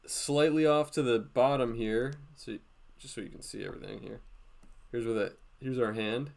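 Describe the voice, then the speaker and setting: A man giving a casual live drawing lesson, walking through each step out loud with lots of "like" fillers. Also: medium pitch, normal speed, vocal fry. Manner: thinks aloud, step-by-step, frequent "like" fillers. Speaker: drawing instructor streaming a class.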